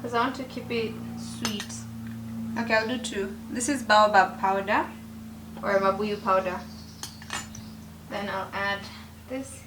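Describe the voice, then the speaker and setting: A woman's voice: medium pitch, measured pace, pauses often, noisy background. A young woman, chatting casually and expressively to camera in a home vlog. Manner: chatty and expressive, with animated asides. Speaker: lifestyle vlogger.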